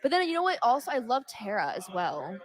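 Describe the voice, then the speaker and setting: A woman chatting casually with friends in a big house, animated and self-deprecating. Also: a little high, fairly quick. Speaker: guest in a group chat. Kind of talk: casual chat. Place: large echoey house.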